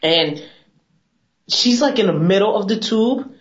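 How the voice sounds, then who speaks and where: A woman esthetician talking in an animated, emphatic, chatty way as a guest on a TV segment, on a dull lo-fi recording. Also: medium pitch, measured pace. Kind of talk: casual TV chat.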